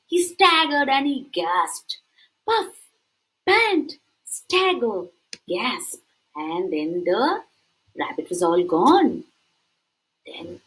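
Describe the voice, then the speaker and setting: Animated woman reading a story to preschoolers. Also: high voice, poor audio. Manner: animated, asks the children questions. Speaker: preschool teacher. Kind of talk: reading a picture book to young children.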